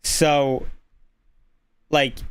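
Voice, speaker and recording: Relaxed, chatty streamer with male-sounding voice. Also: medium pitch, clean tone. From Norway. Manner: relaxed, deliberately easy on the voice, lots of "like" fillers. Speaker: streamer giving voice tips. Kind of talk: casual explanatory chat. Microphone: desk microphone.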